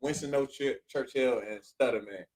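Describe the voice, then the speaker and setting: A podcast host spins relaxed stories in a casual chat, speaking directly to his audience. He has a mid-range, slightly mellow voice at a moderate pace, though the audio is poor.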